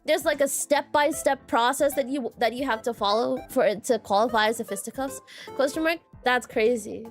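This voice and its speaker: A woman's voice: on the high side, normal speed, soft background music. A woman streaming as a VTuber, chatting casually with viewers, giggly and full of filler words and repeated phrases. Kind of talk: casual livestream chat with viewers.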